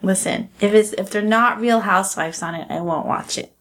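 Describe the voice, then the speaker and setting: A woman's voice: medium pitch, moderate pace. A woman co-hosting a podcast in casual chat, teasing and playful.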